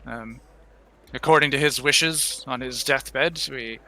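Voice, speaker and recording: A man voicing an elderly, gentle and worried temple priest who talks haltingly, with many restarts and sighs. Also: mid-range voice. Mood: weary, grave. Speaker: game master. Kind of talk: in-character tabletop roleplay.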